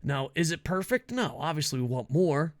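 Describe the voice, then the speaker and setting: Excitable, foul-mouthed man with a higher voice. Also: moderate pace. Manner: profane, excitable, laughs a lot. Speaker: wrestling commentary host. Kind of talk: casual opinion rant.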